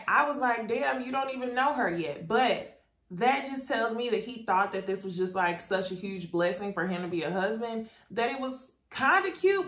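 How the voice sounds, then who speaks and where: A YouTube reality TV reviewer gives a casual, chatty recap of an episode straight to camera, calling her viewers "y'all." She's animated, her voice is on the high side, and the sound is reverberant.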